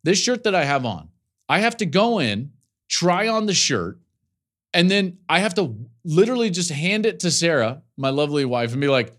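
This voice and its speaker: A man in his forties, a college football analyst, giving podcast commentary with animated storytelling and laughing asides. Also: mid-range voice, normal speed.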